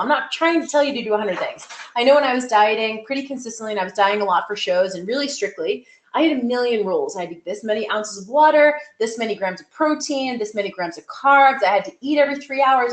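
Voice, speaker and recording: A woman nutrition coach giving a webinar talk in a conversational, emphatic way, often using "like" as a filler. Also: fairly high pitch. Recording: echoey room.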